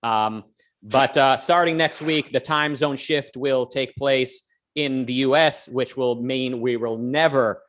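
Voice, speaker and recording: A man's voice: mid-range voice, slow pace, fairly bright tone. A man co-hosting a casual livestream, talking loosely and joking, with plenty of fillers and restarts. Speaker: co-host.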